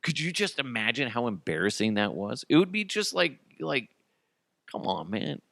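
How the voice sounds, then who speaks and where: A man's voice: mid-range voice, big pitch swings, moderate pace, vocal fry, a bit bright, dry recording, clean studio sound. A man hosting a comedy podcast, rambling through crude jokes and laughing at his own bits. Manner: tosses in goofy character voices. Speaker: podcast host.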